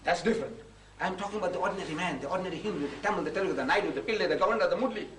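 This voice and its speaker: A man's voice: high-pitched, rapid-fire, a little hiss or hum. A man giving a storytelling public lecture, acting out dialogue as he goes. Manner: animated anecdotal storytelling with mimicked dialogue. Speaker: Islamic preacher and lecturer. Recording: roomy hall recording from far off.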